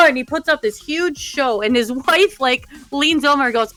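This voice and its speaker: A woman co-hosting a podcast, telling a story in an animated, casual way with fillers. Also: fairly high pitch, normal speed, soft background music. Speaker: podcast co-host.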